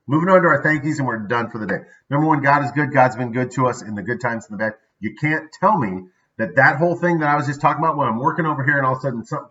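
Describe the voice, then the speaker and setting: Upbeat male vlog host, bright forceful tone, a bit far off the mic, dull lo-fi sound. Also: medium pitch. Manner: upbeat, conversational, frequent "right?" asides. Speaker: daily video host. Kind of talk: casual motivational talk.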